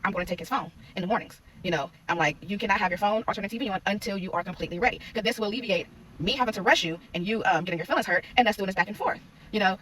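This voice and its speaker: A young adult woman, a parenting content creator, telling a story from her morning in a casual, animated vlog and acting out the quotes. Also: medium pitch, far from the mic. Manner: rapid, animated retelling with acted-out quotes.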